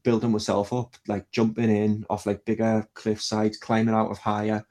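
A man's voice: fairly low pitch, completely flat delivery, moderate pace, a little mellow. A young man, telling a rambling story in casual chat and swearing freely.

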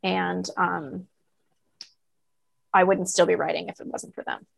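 A woman's voice: lowish voice, steady tone, measured pace, gravelly. A woman author talking as a podcast guest in casual chat, earnest and encouraging in manner.

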